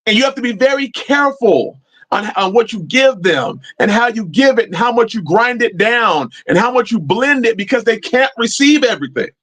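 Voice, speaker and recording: Brief: male stream host, loose and joking Bible talk, high pitch that swings widely. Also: lively intonation, normal speed, a bit bright, low-quality recording. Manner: loose, joking, swears casually, laughs often; acts out his prayers in a lower voice. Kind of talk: casual Bible teaching.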